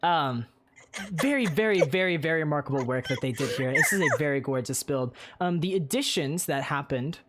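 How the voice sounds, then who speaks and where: A man's voice: fairly high pitch, lively intonation, moderate pace, heavy background noise. A man streaming casually, rambling and swearing freely as he tours a game world with friends. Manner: rambling, swears often, many fillers. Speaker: streamer and server organizer.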